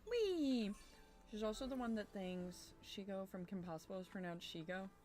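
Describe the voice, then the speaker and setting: A woman's voice: mid-range voice, steady tone, fairly quick, a little mellow, faint music behind. A young woman streamer chatting casually while playing a game, thinking aloud and swearing now and then. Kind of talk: casual gameplay chat.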